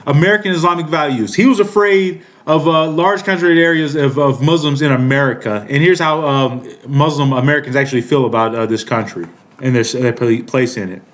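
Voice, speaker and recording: A man's voice: on the high side, a little fast, hardly any pauses. A man in his thirties giving heated political commentary, profane, rambling and indignant. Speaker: political commentary channel host.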